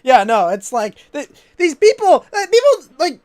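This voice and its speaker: A woman's voice: high voice, big pitch swings, a little slow, darkish tone. A woman co-hosting a live stream, talking politics in casual banter, ranting animatedly and swearing freely. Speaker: stream co-host.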